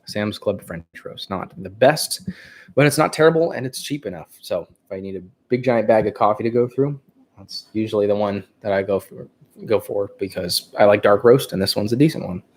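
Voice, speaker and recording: A man's voice: lowish voice, normal speed, a little mellow. A man with a Californian accent hosting a casual livestream, thinking aloud and rambling with fillers. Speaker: livestream host.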